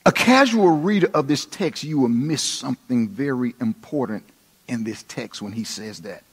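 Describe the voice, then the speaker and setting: A man preaching a sermon, dramatic, dropping to hushed tones and rising again for emphasis. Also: mid-range voice, animated, moderate pace, breathy edge. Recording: long reverb of a large hall.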